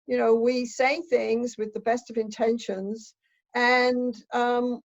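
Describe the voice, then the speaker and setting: A woman's voice: fairly high pitch, lo-fi sound. An older woman, a relationship expert, explaining ideas thoughtfully in conversation with examples.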